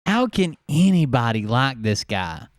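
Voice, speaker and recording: A man's voice: medium pitch, sing-song, unhurried. A man hosting a show, giving casual, mocking commentary on clips. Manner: mocking, sarcastic.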